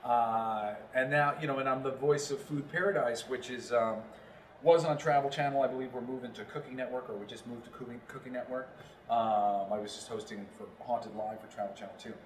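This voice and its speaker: A man's voice: mid-range voice, steady tone, a little fast, a little hiss or hum. Rambling man on a distant, roomy mic. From New York, Long Island. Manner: rambling, many fillers and restarts. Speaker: guest, voiceover actor. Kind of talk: casual interview chat.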